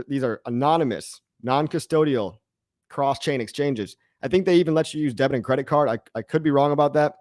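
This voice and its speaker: A man's voice: mid-range voice, dry recording, clean studio sound. A man hosting a casual crypto live stream, reading chat comments and rambling with jokes and the odd swear word.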